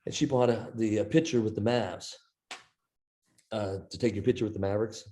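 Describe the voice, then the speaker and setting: A man's voice: fairly low pitch, a little fast. A middle-aged man from Iowa, a guest author telling a long anecdote in an interview and quoting the people in it. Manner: animated anecdote teller, quoting others in his own voice. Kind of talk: storytelling in an interview.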